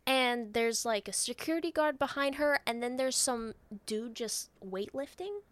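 A woman co-hosting a podcast, recapping a film in casual, animated and profane storytelling. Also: on the high side, measured pace. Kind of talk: casual chat.

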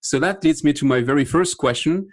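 A man's voice: fairly high pitch, brisk. A man with a French accent hosting a podcast, introducing and interviewing a guest in a friendly way. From France. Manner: friendly, slight repetitions. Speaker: podcast host.

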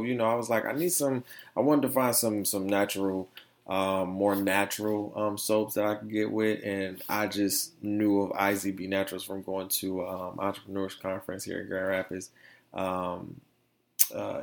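Young man, low voice, gravelly fry, slangy rambling podcast chat. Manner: slangy, rambling, animated storytelling. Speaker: podcast host. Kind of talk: casual solo podcast chat.

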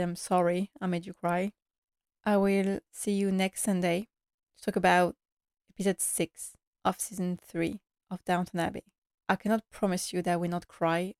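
A woman podcast host recapping a sad episode while tearful, speaking in an emotional, halting way. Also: lowish voice, creaky, darkish tone, smooth, no room sound, studio quality.

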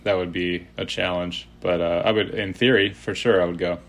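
A man's voice: low voice, fairly even intonation, normal speed. A man in his thirties telling stories casually as a podcast guest, rambling with many fillers and restarts. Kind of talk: casual storytelling.

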